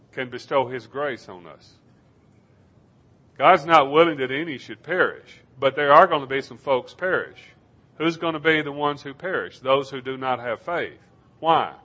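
A man preaching a sermon, slowing down to stress key phrases in a measured, emphatic delivery. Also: a little high, sharp tone. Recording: dull lo-fi sermon recording.

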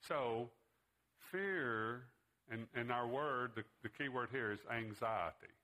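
A man's voice: mid-range voice, takes it slowly, bright, forceful tone. A man teaching a Bible class in a conversational way, putting questions to his students.

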